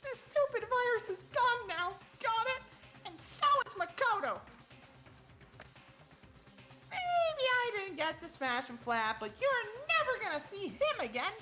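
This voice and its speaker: A woman's voice: very high voice, very animated, moderate pace, over music. A woman voicing a sadistic, taunting robot bear mascot during a game playthrough. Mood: gloating. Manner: taunting, gleeful menace. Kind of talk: game let's play voice acting.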